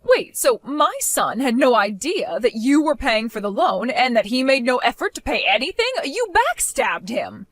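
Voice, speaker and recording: A bossy middle-aged mother-in-law from an animated storytime cartoon, as a woman voices her, demanding and scolding in a fairly high voice. Her pitch swings widely from line to line. The sound is close and dry. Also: normal speed, hardly any pauses, no echo. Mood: alarmed.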